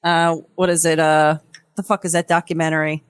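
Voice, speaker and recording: A woman co-hosting a podcast, recapping a reality show in rambling, profane casual chat and slipping into quick impressions of the people on it. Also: low voice, flat delivery, clear, resonant tone, no echo. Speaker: podcast co-host.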